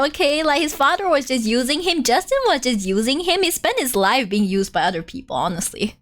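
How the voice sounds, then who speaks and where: A woman's voice: high-pitched, big pitch swings, fairly quick, few pauses. A woman game streamer chatting casually during a live playthrough, giggly and full of fillers. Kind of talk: casual live-stream chat over gameplay.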